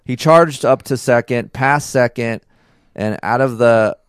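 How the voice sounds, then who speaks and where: A man hosting a casual podcast, telling a story in a relaxed, slangy way. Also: mid-range voice, unhurried, clean tone, dry recording, studio quality. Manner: laid-back storytelling with slang. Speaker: podcast host. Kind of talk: casual chat.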